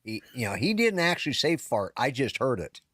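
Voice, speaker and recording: A middle-aged or older man tells a long story in loose, casual talk on a podcast. He stops and restarts his sentences, and his voice sits at a middle pitch. The sound is dry and close, with no room echo. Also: sing-song, fairly quick, fairly bright tone, breathy edge. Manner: rambling, self-interrupting storyteller. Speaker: podcast co-host. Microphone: live-stream call setup.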